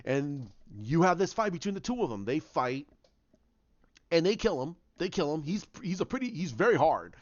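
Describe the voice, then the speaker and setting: Man, casual fan retelling, rambling with restarts, a bit higher voice, dull dry sound. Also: big pitch swings, moderate pace, dry recording. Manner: rambling, many restarts and repeated words. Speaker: online video creator.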